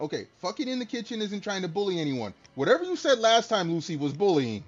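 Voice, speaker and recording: A man's voice: high-pitched, big pitch swings, fast, hardly any pauses. A man streaming a game and chatting casually with his viewers, joking, laughing and swearing freely. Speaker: streamer talking to chat. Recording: dull lo-fi stream audio with faint music.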